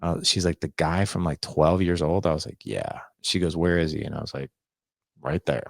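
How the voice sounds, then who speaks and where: A man in his forties, appearing as a guest on a podcast, recounts a personal story in a very low, gravelly voice at a normal pace. His manner is earnest and confessional, and he acts out dialogue he remembers. The recording is close and dry, without any room echo.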